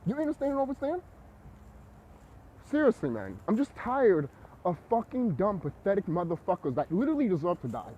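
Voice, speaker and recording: A man with a high voice vlogs in an agitated, preachy monologue. He swears freely and keeps repeating himself. His pitch leaps around with lively swings. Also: normal speed, pauses often, dull audio, a little hiss or hum. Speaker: vlogger. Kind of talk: ranting monologue to camera.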